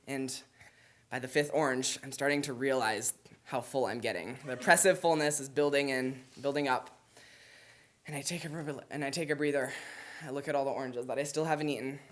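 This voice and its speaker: A live storyteller on stage at a school event, telling it with vivid drama. The voice swings from building excitement to a quiet hush, and its pitch sits in the middle. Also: moderate pace, a little hiss or hum. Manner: vivid, dramatic, building suspense then hushed.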